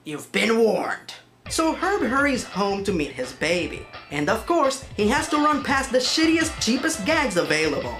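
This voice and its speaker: A woman's voice: a little high, very animated, moderate pace, few pauses, over music. A woman narrating a comedic film review in a sarcastic, exasperated manner.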